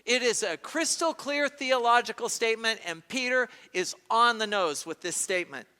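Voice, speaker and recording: Man, pastor preaching, bright forceful tone, dramatic storytelling, long church reverb. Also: very high-pitched, moderate pace, clear, resonant tone. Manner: dramatic retelling with acted quotes. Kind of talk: sermon. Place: large church hall. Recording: reverberant hall.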